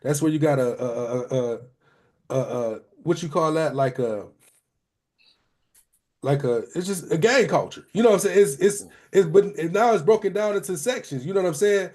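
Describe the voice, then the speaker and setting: A man in a casual group discussion, talking in a relaxed way and often saying "you know what I'm saying". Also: on the high side, normal speed. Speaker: discussion participant.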